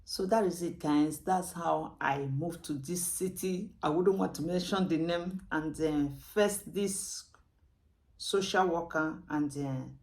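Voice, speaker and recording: Woman, Nigerian English accent, personal story vlog, animated, emotional, somewhat low voice, whispered asides. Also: slow pace. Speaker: vlogger.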